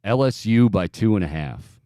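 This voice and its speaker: A man's voice: on the low side, animated, moderate pace, warm tone, no echo, clean studio sound. A man hosting a sports betting show, giving opinionated picks in a loose, joking casual talk.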